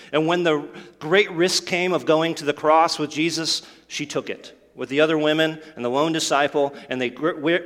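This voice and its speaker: A man's voice: fairly high pitch, a bit bright. A man preaching a sermon, telling the story earnestly and acting out the quoted lines. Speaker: pastor. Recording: long hall reverb.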